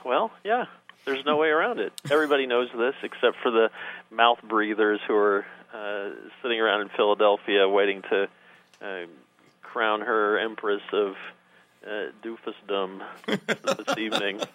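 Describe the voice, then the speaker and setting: A man's voice: fairly low pitch, normal speed. Sarcastic male guest on a phone line. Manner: sarcastic, emphatic, listing words for effect. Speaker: guest commentator. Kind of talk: political talk radio commentary.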